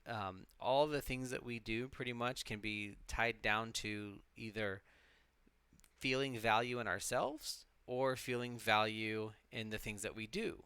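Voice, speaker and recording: A man's voice: fairly low pitch, fairly even intonation, a little slow, pushed and bright, clear, resonant tone, dry recording. A man co-hosting a live stream, talking in a loose, reflective way, swearing freely and restarting his sentences often. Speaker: co-host of a live witchcraft stream. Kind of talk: casual rambling talk.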